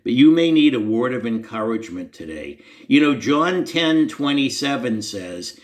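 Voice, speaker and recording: This man, a Christian storyteller, has a mid-range voice that is very animated and moves at a normal pace. Addressing the camera, he recounts his own faith journey earnestly and conversationally, often poking fun at himself.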